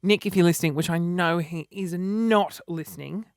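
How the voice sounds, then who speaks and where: Man, 30s, vlogger; high, dramatic, self-deprecating chatter, dry recording. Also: moderate pace, clean tone, no echo. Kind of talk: casual chat to camera.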